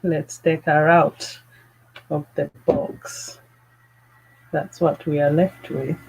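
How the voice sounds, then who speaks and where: A woman hosting a live fragrance chat, gushing with excitement and greeting viewers by name. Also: deep voice, slow, creaky, breathy edge, poor audio. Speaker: fragrance channel host.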